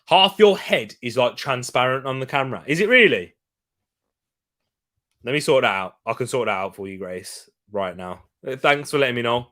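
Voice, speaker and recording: A young man hosting a live football watch-along, chatting loosely and rambling between match updates. His voice is bright and forceful and sits at a middle pitch. He jumps into quick excited bursts when the play heats up. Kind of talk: casual live-stream chat and match commentary.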